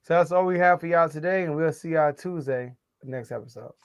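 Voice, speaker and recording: A man co-hosting a sports podcast, giving a relaxed sign-off with sing-song calls to like and subscribe. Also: a little high, brisk, clean tone, no room sound, clean studio sound. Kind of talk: casual sports talk and outro.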